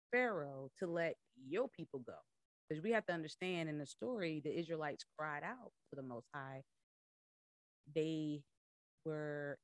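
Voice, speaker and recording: Low-voiced woman coach teaching casually. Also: no echo. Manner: conversational, laughs often, acts out voices in retelling. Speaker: podcast host and coach. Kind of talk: casual Bible teaching talk.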